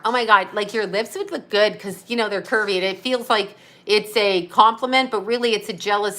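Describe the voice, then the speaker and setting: A woman's voice: medium pitch, fairly quick, hardly any pauses, fairly bright tone. A woman in her fifties chatting casually on a live stream, blunt and profane as she rants. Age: 50s. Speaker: psychic medium hosting a live stream. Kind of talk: casual live-stream chat reading viewer comments.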